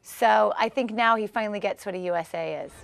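A woman's voice: medium pitch, fairly quick, vocal fry, slight background noise. Bubbly woman chatting in an interview. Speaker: guest, former Olympic swimmer. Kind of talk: casual TV interview.

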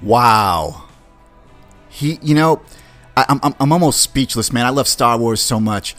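A man's voice: mid-range voice, a little slow, a bit bright, soft background music. Enthusiastic man retelling a series. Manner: enthusiastic, acts out quotes, swears. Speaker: podcast host. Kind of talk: casual review and retelling.

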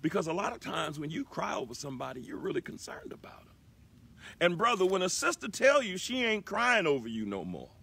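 Animated, husky-voiced man preaching live. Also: sits high, brisk. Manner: preachy, repetitive, emphatic. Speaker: broadcast host. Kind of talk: inspirational live broadcast talk.

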